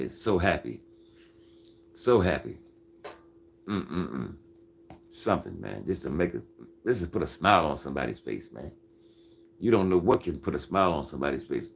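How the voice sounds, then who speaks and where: An earnest, folksy man hosts a casual faith-based livestream, reading viewer comments and calling his audience "folks" and "man" with a preacher's insistence. His voice is extremely low and gravelly, animated, at a moderate pace with long pauses. A faint hiss or hum sits under the recording.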